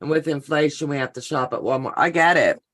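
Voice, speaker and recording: A woman's voice: sits low, brisk, a bit bright. A middle-aged woman hosting a live sewing show, chatting casually and telling stories while greeting viewers by name.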